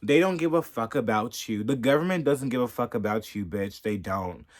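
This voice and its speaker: A man's voice: mid-range voice, expressive, normal speed. A man ranting angrily and cursing constantly in a casual vlog monologue. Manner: profane, heated, ranting. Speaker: commentator. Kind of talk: angry rant vlog.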